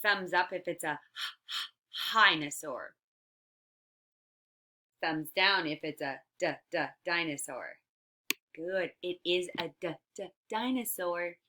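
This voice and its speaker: Teacher lady doing a phonics lesson for little kids, talks real slow, stretches out the sounds, lots of "good". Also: fairly low pitch, pushed and bright. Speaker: early-years teacher. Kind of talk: recorded phonics lesson for young children.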